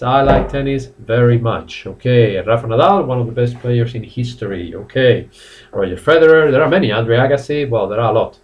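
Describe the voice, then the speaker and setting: A Spanish-accented man teaches English to viewers online, and his pitch swings in a lively way as he explains. He laughs easily and greets his students by name. He sits a little back from the microphone. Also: far from the mic, highs cut off. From Spain. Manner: animated, laughs often, addresses viewers by name. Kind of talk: live online English lesson. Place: classroom.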